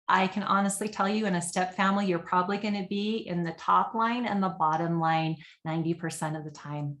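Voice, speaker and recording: A woman's voice: fairly low pitch, steady tone, brisk, hardly any pauses, reverberant. A woman giving a webinar presentation over a computer mic, earnest and conversational with frequent fillers.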